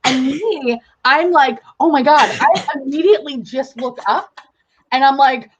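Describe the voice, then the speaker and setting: A woman's voice: high voice, unhurried, muffled recording, noisy background. A woman guest in a casual live-stream chat, telling stories dramatically and swearing freely.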